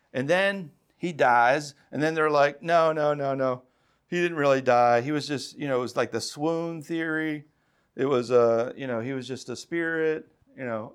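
A man's voice: a little high, clear, resonant tone. A man preaching a sermon as a pastor, building to emphatic calls and acting out quoted voices. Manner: impassioned, rising to emphatic calls.

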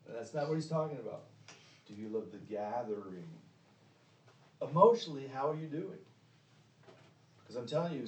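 A man preaching a sermon in a church, pressing the congregation with direct questions, with sharp emphatic rises and drops. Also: mid-range voice, highs cut off. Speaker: pastor. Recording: echoey room, mic at a distance.

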